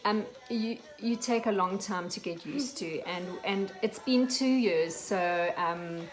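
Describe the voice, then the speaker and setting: A woman's voice: mid-range voice, slow, soft background music, rough recording. A woman from South Africa with a South African accent, chatting casually on her vlog. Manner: chatty, explaining with repeated example phrases. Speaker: vlogger. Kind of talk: casual chat.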